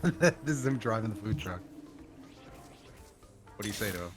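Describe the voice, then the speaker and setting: A man's voice: fairly low pitch, fairly quick, over music. A man chatting casually on a gaming stream, laughing as he builds a silly story. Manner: laughing, playful narrator. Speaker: guest player.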